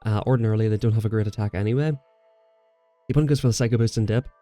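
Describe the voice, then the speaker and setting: Fast-talking man calling a game. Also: fairly low pitch, warm tone, no room sound, faint music behind. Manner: casual, chatty, explains moves as he plays. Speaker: game channel host. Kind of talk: gameplay commentary.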